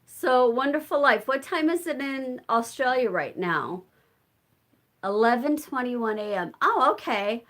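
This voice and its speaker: Slow-talking chatty woman on a live stream. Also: high voice, lively intonation, a bit bright. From United States. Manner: chatty and unhurried, reading and answering viewer comments while spinning fiber. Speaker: homestead vlogger hosting a live chat. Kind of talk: casual live-stream chat with viewers.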